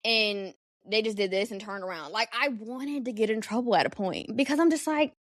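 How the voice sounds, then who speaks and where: A young adult woman hosting a solo podcast, telling a personal story in a candid, animated, profane way. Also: on the high side, fairly quick, no echo, studio quality. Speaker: podcast host.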